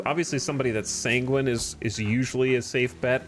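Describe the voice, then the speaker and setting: This man's mid-range voice has fairly even intonation and runs a little fast as he streams a game. He chats easygoingly and reasons out loud about his upcoming moves in casual commentary.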